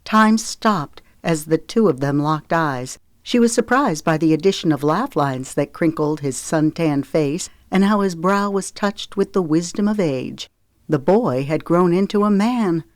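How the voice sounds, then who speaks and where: A woman narrating an audiobook in a measured, expressive reading voice. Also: deep voice, no room sound, studio quality.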